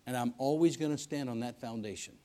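A man preaching a sermon in a church service, telling stories in a folksy way, swinging between loud emphasis and hushed lines. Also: medium pitch, fast talker. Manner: folksy storytelling with repetitions and restarts.

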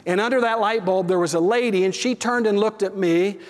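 A man preaching a story-driven sermon, talking conversationally and turning to the congregation with quick asides. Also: high voice. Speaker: pastor. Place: church sanctuary. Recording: long hall reverb.

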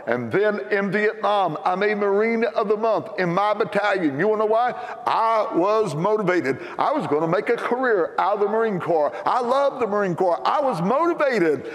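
An older American man preaching a sermon in a church, telling a story with animated, emphatic punchlines. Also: high voice, brisk, few pauses, big-room sound. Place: church sanctuary.

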